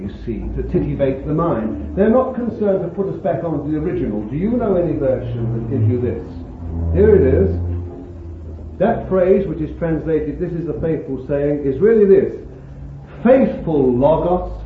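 A man's voice: on the high side, slight background noise. A man preaching a sermon to a congregation, emphatic and exclaiming, breaking into chuckles. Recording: tinny phone-like old sermon tape, echoey hall.

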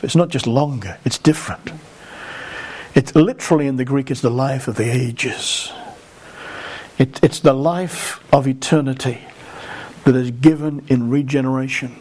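A man preaching a sermon in an earnest way, often repeating words and slowing down to stress key phrases. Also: mid-range voice, darkish tone.

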